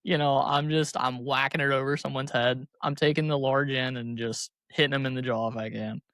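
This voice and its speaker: A man's voice: medium pitch, fairly even intonation, a little fast, fairly bright tone, no room sound. A young adult man, a guest on a podcast, talking frankly and casually, with loose swearing. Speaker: guest co-host.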